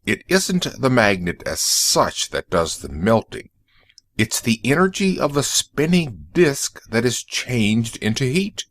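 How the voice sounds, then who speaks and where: In an audiobook, a man voices a brisk, wry male shopkeeper who explains things in a matter-of-fact, lecturing manner. His voice sits in the mid range, and the recording has no echo.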